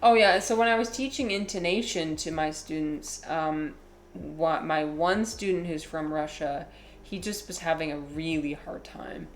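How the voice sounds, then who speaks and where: A woman with a fairly low voice chats loosely on a live stream, rambling through fillers and side remarks. Her delivery is mostly flat and low-key, in the easy way she talks while she teaches. A faint hiss sits under the recording. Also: unhurried. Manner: chatty and rambling, many fillers, laughs while talking. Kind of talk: casual live-stream chat.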